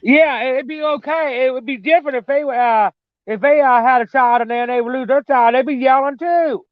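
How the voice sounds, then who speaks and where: A woman with a very high voice tells loose, rambling stories about her kids, swearing freely and dropping "man" at the end of her sentences. Her voice sounds dull and lo-fi, as if captured on cheap gear, and the recording is very dry, with no room sound at all. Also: brisk, no echo. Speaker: mother telling personal stories. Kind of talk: casual storytelling chat.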